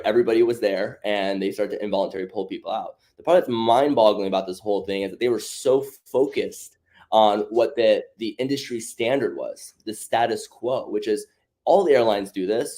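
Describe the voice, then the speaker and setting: Low-voiced man explaining on a podcast. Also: dark tone. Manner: explanatory, uses filler tags like right and you know. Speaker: podcast co-host. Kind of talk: casual podcast discussion.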